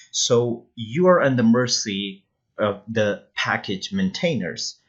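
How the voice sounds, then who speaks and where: A man talks through a programming tutorial in a casual, unscripted way, dropping frequent uh and um fillers and restarting words. His voice sits a little low and sounds slightly husky. The recording is dull and lo-fi. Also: fairly bright tone. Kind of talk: casual screen tutorial explanation.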